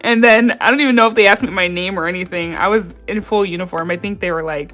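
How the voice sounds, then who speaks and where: Animated woman telling a story. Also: medium pitch, moderate pace. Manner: animated storytelling with frequent laughs and acted-out quotes. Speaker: vlogger. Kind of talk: casual story time.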